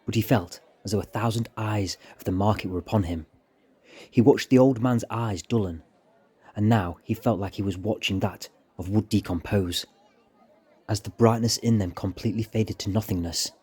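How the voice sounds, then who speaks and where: A man narrating a short story in a measured, steady reading. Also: on the low side, breathy edge.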